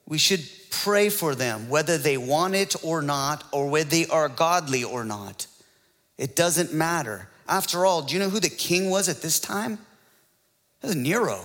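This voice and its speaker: Man, pastor, casual joking sermon, a bit higher than average, reverberant room. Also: lively intonation, a little slow, fairly bright tone. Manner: joking, conversational preaching with frequent laughs.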